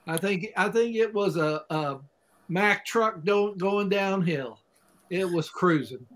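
Slow-talking high-voiced man from Oklahoma. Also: a bit bright. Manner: unhurried, folksy imagery. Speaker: guest expert. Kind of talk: casual chat.

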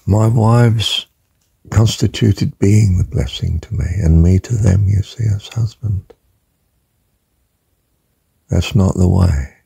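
An older man giving an emphatic spiritual talk, slow and deliberate, sometimes dropping to a hushed whisper. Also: steady tone, no echo. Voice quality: very deep gravelly voice. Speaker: religious teacher.

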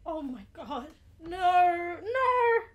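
A young woman hosting a reaction video, who gets excitable and shouts and swears at the screen while watching a TV episode. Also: very high-pitched, very slow.

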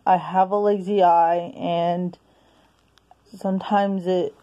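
A woman's voice: lowish voice, flat delivery, takes it slowly, mellow, dull audio. A woman reviewing a movie in a casual home video, talking hesitantly with many restarts and sounding out of breath.

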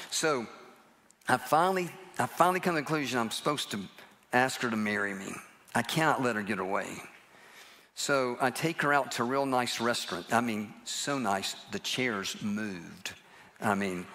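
A man's voice: mid-range voice, a bit bright. An older man preaching a humorous sermon in a church, telling personal stories in a chatty, self-deprecating way. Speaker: guest preacher. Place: church sanctuary, live service.

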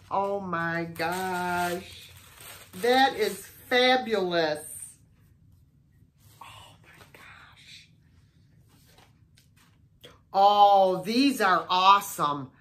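A woman's voice: mid-range voice, a bit bright. A middle-aged American woman chatting casually in a vlog, gushing and exclaiming over each thrift find. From United States. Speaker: thrift haul vlogger.

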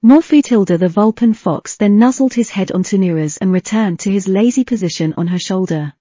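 A woman narrates a fantasy fan fiction audiobook in a steady reading with a few slips. Her voice is mellow and warm, close to the mic in a dry room. The recording sounds a little dull and lo-fi. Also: medium pitch, a little fast, no room sound.

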